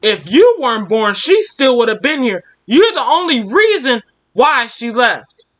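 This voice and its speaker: A man's voice: very high-pitched, sing-song, measured pace, fairly bright tone, voice pushed up, heavily acted. A young man voicing an angry, abusive drunk father in a read-aloud story, harsh and blaming. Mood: bitter.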